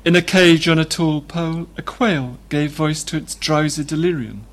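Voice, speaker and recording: Male reader, slightly high-pitched, steady literary narration. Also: moderate pace. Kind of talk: reading a novel aloud.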